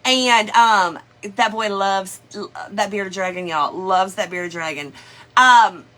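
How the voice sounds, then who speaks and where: Bright-voiced chatty woman. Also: mid-range voice, slow. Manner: chatty, folksy, greets viewers by name. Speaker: craft livestream host. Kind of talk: casual livestream chat.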